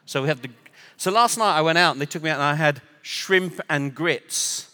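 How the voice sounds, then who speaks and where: A guest preacher from Northern Ireland with an English accent delivers a sermon full of humorous, self-deprecating stories in a church auditorium. His voice is fairly high, bright, forceful and smooth, at normal speed. Long hall reverb colors the recording.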